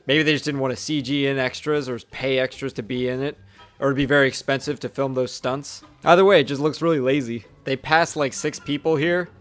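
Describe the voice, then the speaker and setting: A man's voice: medium pitch, a bit bright. A young man giving a casual, sarcastic movie review voice-over, blunt and swearing offhandedly.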